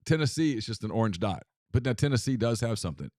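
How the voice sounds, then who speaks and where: A man co-hosting a sports talk podcast, telling long stories and acting out the voices of the people in them. His voice sits low and is recorded close and dry, with no room sound. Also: fast, no room sound. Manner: animated storyteller, acts out quoted voices. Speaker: podcast co-host.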